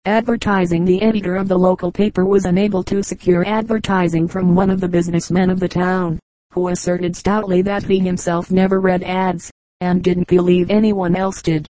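A woman narrating humorous anecdotes for an audiobook in an even, measured way. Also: on the low side, no room sound, rough recording. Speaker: audiobook reader.

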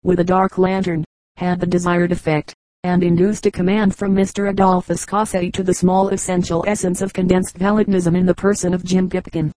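Flat-voiced woman reading a story aloud. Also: fairly low pitch, fairly quick, no echo, low-quality recording. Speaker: audiobook reader. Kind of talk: scripted narration.

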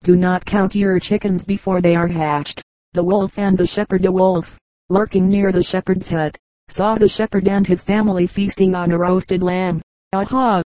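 Measured fable narrator, dry close voice. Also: mid-range voice, little pitch movement, dark tone, no room sound, low-quality recording. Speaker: audiobook narrator.

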